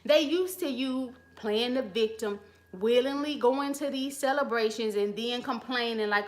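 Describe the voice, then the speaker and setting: This channel host speaks in a high, unhurried voice. She's on a phone live stream, welcoming people in the chat while handing out blunt, slang-filled advice.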